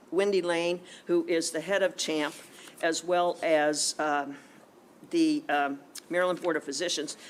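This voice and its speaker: A man's voice: fairly high pitch, fairly bright tone, a little hiss or hum. A man testifying before a legislative committee, out of breath, moving from a read statement into rambling talk full of restarts and fillers. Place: legislative committee hearing room.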